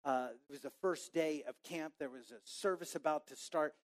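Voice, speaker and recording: A Texan man in his forties preaches a sermon built on a lively personal story, acting out his own inner voice. He speaks at a normal speed with fairly high pitch.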